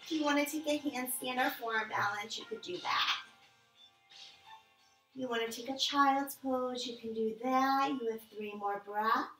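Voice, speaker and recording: A woman leading a power yoga class, giving calm, encouraging step-by-step cues. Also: on the high side, measured pace. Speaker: yoga instructor. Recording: echoey room, mic at a distance, music behind.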